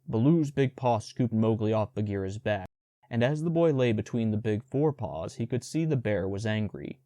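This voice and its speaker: A man narrating a storybook audiobook in a measured, even storytelling manner. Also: lowish voice, no room sound, studio quality.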